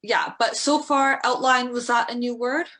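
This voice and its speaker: A woman's voice: a little high, steady tone, moderate pace, bright, forceful tone. A woman tutoring a learner, explaining casually with examples and encouragement. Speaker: language tutor.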